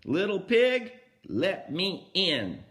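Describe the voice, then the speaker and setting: A man's voice: sits high, huge pitch swings, extremely slow, noisy background, voice pushed up, heavily acted. A grandfatherly man voicing a hungry big bad wolf who demands to be let in and threatens to blow the house down. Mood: demanding.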